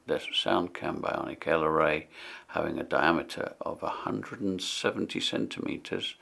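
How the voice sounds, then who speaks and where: A man's voice: fairly bright tone, rough recording. A man giving a casual, chatty product demonstration with small self-deprecating jokes, his voice picked up by a camera mic a little way off as he moves around. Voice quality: very deep, gravelly and husky. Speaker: product distributor presenting equipment.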